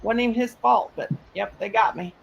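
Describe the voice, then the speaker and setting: A woman's voice: fairly high pitch, moderate pace, creaky, muffled recording, noisy background. A woman, hosting a casual live chat and telling folksy stories with a laugh. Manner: folksy storytelling, laughs often. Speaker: host, mother.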